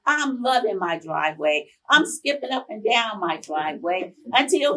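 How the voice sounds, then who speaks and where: A woman in her fifties, a professor giving a conference talk, telling chatty, animated personal stories to the audience. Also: medium pitch, normal speed, distant mic, a little hiss or hum, low-quality recording. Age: 50s. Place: conference room.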